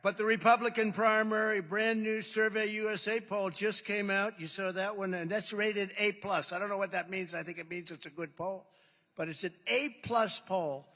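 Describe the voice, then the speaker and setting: A man's voice: high-pitched, fairly even intonation, moderate pace, bright, forceful tone. A man giving a rambling, boastful off-the-cuff speech at a rally, repeating himself for emphasis, into a podium microphone in a large indoor hall. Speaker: political speaker at a rally. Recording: long hall reverb, amplified.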